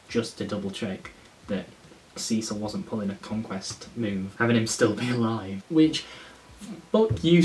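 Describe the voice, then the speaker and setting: A man talking through a casual review, rambling and enthusiastic, swearing when he gets worked up. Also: medium pitch. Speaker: comic reviewer. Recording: faint hiss, slightly distant mic.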